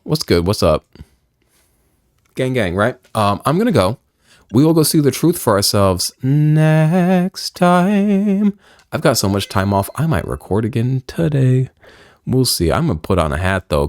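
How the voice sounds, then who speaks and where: A man's voice: deep voice, no room sound, clean studio sound. A man giving playful, casual commentary over a video game, joking and swearing freely. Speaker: gaming video creator. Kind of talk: casual let's-play commentary.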